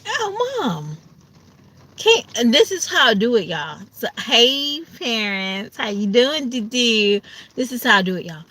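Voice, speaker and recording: A woman's voice: fairly high pitch, animated, normal speed, pushed and bright. A woman chatting casually to her viewers, sleepy and ready for bed, acting out her family's voices now and then. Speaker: vlogger. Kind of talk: casual chat to camera.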